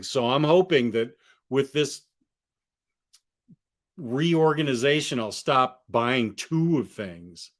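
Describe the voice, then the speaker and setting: Slow-talking man chatting on a livestream. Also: medium pitch. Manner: rambling, restarts often, answers chat questions. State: has the hiccups. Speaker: comic book collector streamer. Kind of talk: casual livestream chat. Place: apartment room among bookshelves.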